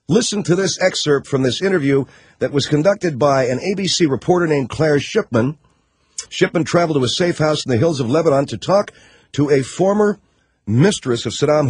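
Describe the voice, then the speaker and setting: A man's voice: fairly high pitch, breathy edge, dry recording, clean studio sound. A man hosting a talk radio show, riffing sarcastically and mockingly on news stories.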